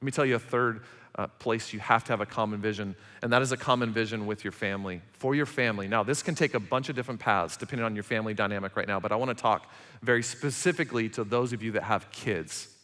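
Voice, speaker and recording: A man in his forties preaching a sermon as pastor, emphatic and animated, acting out quarrels between parents. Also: lowish voice, fast talker. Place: church auditorium. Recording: large hall reverb.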